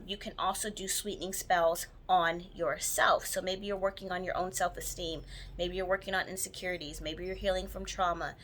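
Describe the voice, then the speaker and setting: There's slight background noise as a woman with a low, slightly bright voice chats her way through a how-to on spells. She's a spiritual practitioner teaching jar spells, rambling with frequent ums and restarts, and she's enthusiastic about what she does.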